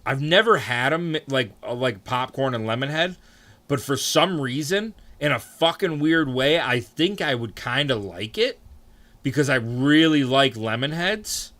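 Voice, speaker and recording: Bright-voiced, animated young male streamer. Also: unhurried. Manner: animated, swears freely, answers chat, jumps into high mock outrage. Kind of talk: casual live-stream chat.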